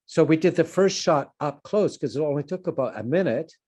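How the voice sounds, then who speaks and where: A man's voice: a little high, lively intonation, a little fast, darkish tone, husky. An older man from Canada giving an online conference talk on filmmaking, telling anecdotes in a digressive, self-deprecating way over a video call. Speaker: film producer and lecturer.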